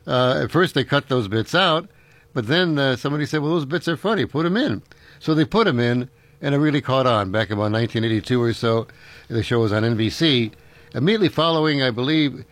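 A man's voice: mid-range voice, a bit bright, no echo. A middle-aged man hosting a call-in radio show, telling stories in a rambling way with frequent chuckles. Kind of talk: casual call-in radio chat. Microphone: studio microphone.

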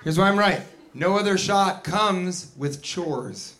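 High-voiced animated stand-up comedian, man. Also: slow pace. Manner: animated, with shouted indignant outbursts. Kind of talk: stand-up routine.

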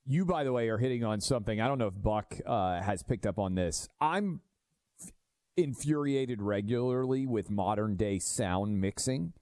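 Male talk host: low, warm voice, dry close sound, emphatic and opinionated. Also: expressive, normal speed, no echo. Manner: emphatic, opinionated, asks leading questions. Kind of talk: radio talk show discussion.

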